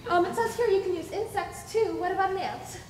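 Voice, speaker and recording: A girl playing a gentle scatterbrained fairy. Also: extremely high pitch, brisk, a crowd in the background. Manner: gentle, coaxing. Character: kind, scatterbrained female mirror fairy. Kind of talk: school stage play. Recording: echoey hall, far off.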